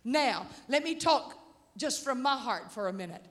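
A woman preaching a sermon, animated, acting out the voices of the story and calling out to the congregation. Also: a little high, normal speed. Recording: reverberant hall.

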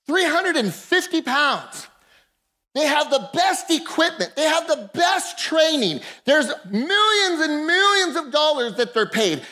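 Very high-voiced impassioned male preacher. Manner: impassioned preaching, bursts of shouting, calls to the congregation. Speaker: pastor. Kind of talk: sermon. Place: church service with a congregation.

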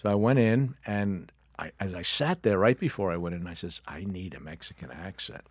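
Man, older, very deep voice, wry animated storyteller, dry close studio sound. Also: brisk, breathy edge, no echo. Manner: wry, animated anecdote telling. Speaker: guest, actor and author. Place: radio studio.

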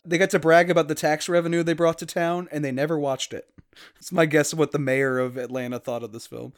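A man's voice: fairly high pitch, fairly even intonation, quick pace. A man from Louisiana hosting a podcast, talking casually and laughing often. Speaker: podcast host.

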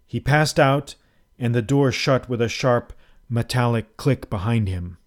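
An audiobook narrator, a man with an ordinary middle pitch, tells a first-person tale in a measured, dramatic reading with steady storytelling delivery.

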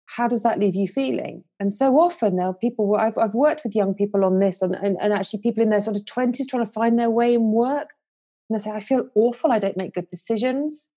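A woman, a confidence coach speaking as a guest on a podcast, explaining her ideas in an earnest, gently coaching way and acting out inner voices. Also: mid-range voice, fairly even intonation, fairly quick. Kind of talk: podcast interview.

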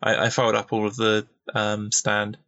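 A man's voice: lowish voice, monotone, unhurried, gravelly, sharp tone, dry recording. A man playing in a tabletop game, talking casually with stammering restarts, on a slightly muffled mic. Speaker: player.

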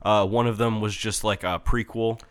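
A young man in casual chat, excitedly reviewing a game with lots of swearing and restarts. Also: fairly low pitch, moderate pace, clean tone. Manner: excitable, profane, rambling with restarts. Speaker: podcast co-host reviewing a game.

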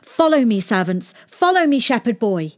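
A bold, muddy young princess in a storybook, rallying everyone behind her in a high, ringing voice, as a woman reads her. She gives orders with easy confidence. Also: big pitch swings, normal speed. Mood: commanding. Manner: bold and commanding. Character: spirited young princess who loves mud.

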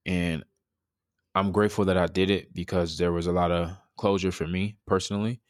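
A man's voice: low voice, fairly even intonation, normal speed, no room sound, clean studio sound. A man in his thirties telling a personal story in an interview, reflective and earnest, with fillers and restarts. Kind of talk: candid conversational storytelling.

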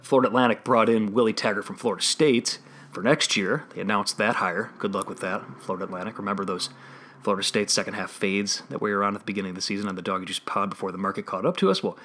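A man's voice: lowish voice, quick pace. A man with a Chicago accent hosting a solo sports betting podcast, talking through analysis and often restarting his phrases. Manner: analytical, restarts phrases, trails off quietly at ends.

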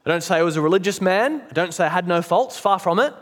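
A man's voice: high-pitched, expressive, quick pace, fairly bright tone, long reverb tail. A man voicing a big, coarse male ghost from hell who insists on his rights in a blustering, self-righteous way. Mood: indignant.

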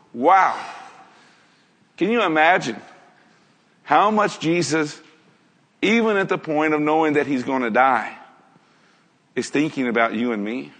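A man with a high-pitched voice preaches an earnest sermon to his congregation. He keeps asking his listeners rhetorical questions. His voice rings out with a long reverb, as if he were in a large church hall. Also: a little slow, long pauses, fairly bright tone.

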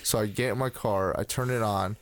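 A man's voice: lowish voice, fairly even intonation, fairly quick, a little hiss or hum. A young man co-hosting a podcast, chatting casually and rambling with restarts and swearing. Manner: rambling, swears freely, many restarts and fillers. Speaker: podcast co-host.

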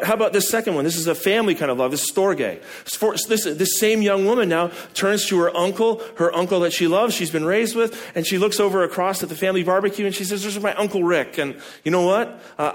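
Conversational male pastor preaching a sermon. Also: high-pitched. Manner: conversational preaching, asks the congregation questions.

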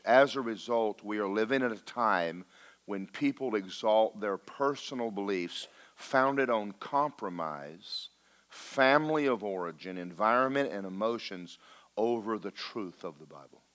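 A man preaching a sermon, folksy and joking, slowing down to stress his points. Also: fairly low pitch, lively intonation, a bit bright. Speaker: pastor.

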